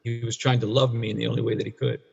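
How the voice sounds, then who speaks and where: Gravelly older Canadian man, rambling. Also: medium pitch, flat delivery, very fast, a little mellow. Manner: rambling, restarts often, blunt and profane. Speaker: guest, addiction counselor for men. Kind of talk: candid storytelling in conversation. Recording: dull, echoey room recording.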